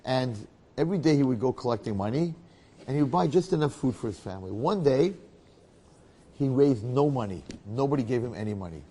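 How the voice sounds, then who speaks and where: A man, a rabbi, telling a story in a talk in an animated way, often checking in with his listeners. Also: medium pitch, fairly quick, long reverb tail.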